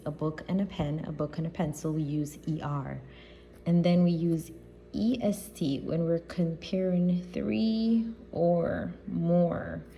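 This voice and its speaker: A woman teacher giving a recorded grammar lesson, explaining patiently and deliberately and checking in with her students. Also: lowish voice, dark tone, a little hiss or hum.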